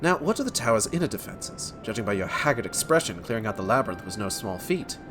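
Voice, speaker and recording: A man's voice: fairly low pitch, big pitch swings, fast, over music. A man voicing a learned male historian in a game, who speaks in formal, old-fashioned phrases. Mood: lecturing.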